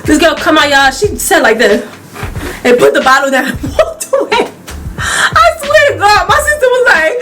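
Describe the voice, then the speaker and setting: A young woman telling a casual story-time tale to her viewers, animated, laughing often and acting out the people she quotes. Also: extremely high pitch, moderate pace, faint music behind. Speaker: YouTuber.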